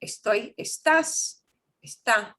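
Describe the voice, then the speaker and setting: A woman teaching an online class, animated and quick to laugh. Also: on the high side. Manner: animated, punches stressed syllables, laughs easily. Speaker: Spanish teacher.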